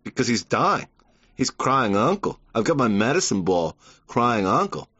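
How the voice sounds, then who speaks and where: Repetitive boastful bodybuilder, a man doing the bit, low and dry, muffled recording. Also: very animated, a little slow, a bit bright, breathy edge, dry recording, heavily acted. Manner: repetitive, boastful, humble-bragging. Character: boastful bodybuilder impression, tireless, humble-bragging. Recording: dull lo-fi.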